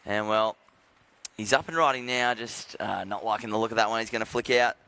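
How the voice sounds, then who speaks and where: A man calls a live surf heat in a bright, smooth voice. He keeps it loose, joking at his own expense between the scores. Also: lowish voice, a little fast. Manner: jokey, self-deprecating, relaxed. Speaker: surf commentator. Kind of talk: live sports commentary.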